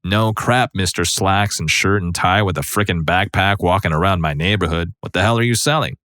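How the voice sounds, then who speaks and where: A man doing a gruff, swearing biker. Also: low voice, brisk, bright, forceful tone, no room sound, clean studio sound. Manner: rough, swearing, mock-threatening. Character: huge gruff male biker, teasing.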